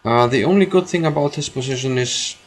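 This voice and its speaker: A man's voice: mid-range voice, a little fast, noisy background. Man thinking aloud over chess. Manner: thinking aloud, repeating phrases, many fillers. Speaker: chess streamer. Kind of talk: live chess commentary.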